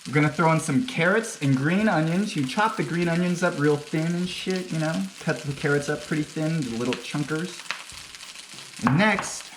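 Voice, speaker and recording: A man's voice: a little high, moderate pace, noisy background. A man hosting a casual home cooking demonstration, talking crudely with joking, rambling asides. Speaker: cooking show host. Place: home kitchen. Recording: echoey kitchen with faint music.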